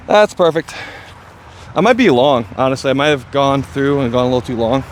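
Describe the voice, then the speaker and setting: A man vlogging his disc golf round outdoors, chatting casually and getting excited and self-deprecating over his throws. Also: mid-range voice, fairly quick, a little hiss or hum. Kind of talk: casual play-by-play commentary.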